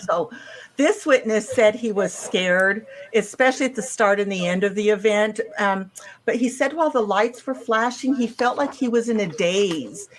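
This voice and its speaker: Woman investigator, case walkthrough, mid-pitched, halting restarts. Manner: recounts a witness account step by step, with frequent restarts and ums. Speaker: UFO case investigator presenting a case. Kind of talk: case presentation to a host.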